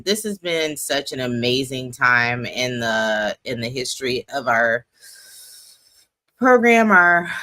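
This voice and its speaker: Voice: medium pitch, bright, forceful tone, dry recording. A forty-year-old host chatting casually on a livestream, rambling and joking at their own expense. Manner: chatty, rambling and self-mocking. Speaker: host of a poetry slam's monthly livestream.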